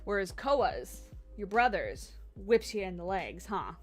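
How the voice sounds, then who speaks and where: Faint music plays behind a woman with a mid-range, sing-song voice who speaks slowly while livestreaming a game from her home office. She talks casually as she plays, coos at her dogs, and uses a USB condenser desk mic.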